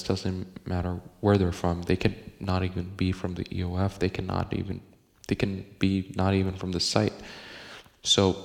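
A man's voice: low-pitched, creaky, in a large hall. A man hosting a casual podcast from home, rambling and joking with lots of profanity and laughter. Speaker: podcast host. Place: home room.

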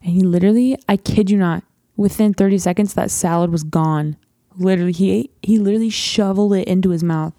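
A woman's voice: on the low side, quick pace, dark tone, dry recording, studio quality. A teenage girl hosting her own show in a casual, rambling chat, often saying "literally.". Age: teens. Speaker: host.

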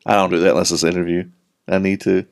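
In casual podcast banter, a middle-aged Southern American man co-hosts, rambling and joking and putting on voices when quoting people. He talks very fast in a low voice with vocal fry and little pitch movement.

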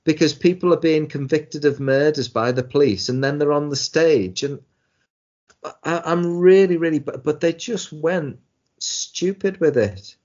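A man's voice: fairly high pitch, a little slow, darkish tone. A man co-hosting a casual chat about TV shows, rambling with many restarts and sounding exasperated. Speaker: podcast co-host. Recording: dull lo-fi sound.

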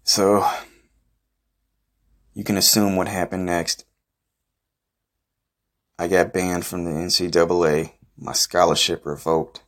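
Low-voiced young dude, deadpan podcast storyteller, swears a lot, brags and rambles. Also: male voice, slow pace, long pauses. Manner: profane, boastful, rambling with fillers. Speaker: podcast host.

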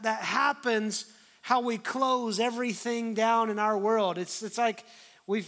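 A middle-aged man preaching a sermon, acting out scripture dialogue and swinging from hushed to loud. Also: very high voice. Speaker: pastor.

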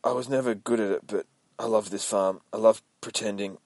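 A man reading as a weary old male farmer, quiet, subdued, low-voiced. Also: fairly even intonation, a little fast, no room sound, natural voice. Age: older.

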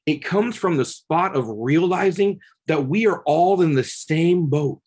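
A man's voice: fairly high pitch, expressive, a little slow, darkish tone, slightly rough. A man, a podcast guest, telling a personal story earnestly and building to passionate peaks, often repeating his words. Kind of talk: casual conversation, storytelling.

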